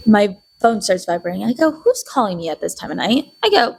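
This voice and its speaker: A chatty young woman talking to her camera in a casual diary vlog, with a soft, breathy tone. She rambles from one story to the next and slips into little voices for the people she quotes. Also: mid-range voice, sing-song, brisk, poor audio. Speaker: video diarist.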